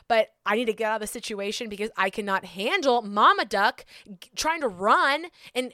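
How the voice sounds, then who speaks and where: A young adult woman hosting a podcast, telling a story in a casual, self-mocking, animated way. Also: on the high side, no echo, clean studio sound. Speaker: podcast host. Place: Atlanta.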